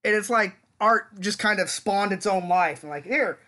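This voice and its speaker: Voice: mid-range voice, normal speed, sharp tone. A podcast co-host in their forties, chatting casually and laughing often. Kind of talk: casual chat.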